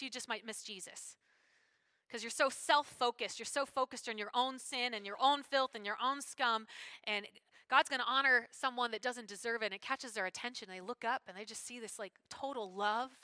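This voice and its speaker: A woman preaching a sermon in an animated, conversational way with casual slang. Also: a little high, moderate pace, dry recording.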